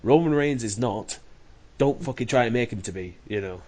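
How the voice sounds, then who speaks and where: A man's voice: mid-range voice, lively intonation, normal speed, dark tone. A man co-hosting a casual wrestling podcast, blunt and sarcastic in his opinions. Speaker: podcast co-host.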